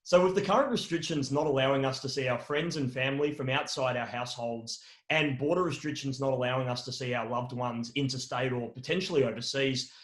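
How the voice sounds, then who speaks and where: A man's voice: medium pitch, fairly even intonation, brisk, fairly bright tone. A man hosting an interview show, upbeat and a bit theatrical, reading a scripted intro before asking questions. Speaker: podcast host. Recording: roomy echo.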